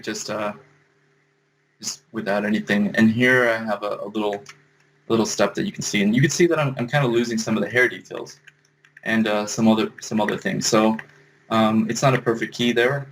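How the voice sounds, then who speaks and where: A man's voice: on the low side, a bit bright, a little hiss or hum, low-quality recording. A man giving a casual screen-share compositing tutorial, thinking aloud as he explains each step. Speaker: compositing instructor.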